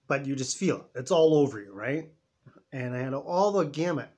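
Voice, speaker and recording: A man in his fifties tells a personal story, his husky voice rising and falling a lot. He rambles emotionally, slipping into quoted voices of himself and others. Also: mid-range voice, expressive, moderate pace, a little mellow. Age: 50s. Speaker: vlogger.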